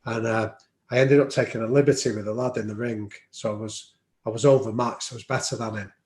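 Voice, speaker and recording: A man's voice: mid-range voice, steady tone, brisk, darkish tone. A man telling stories as a podcast guest, reflective and anecdotal, with frequent ums. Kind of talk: storytelling in an interview. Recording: roomy echo.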